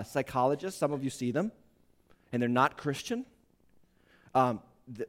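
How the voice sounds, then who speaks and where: A middle-aged male pastor preaching a sermon, emphatic, swinging from quiet asides to shouted points. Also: mid-range voice.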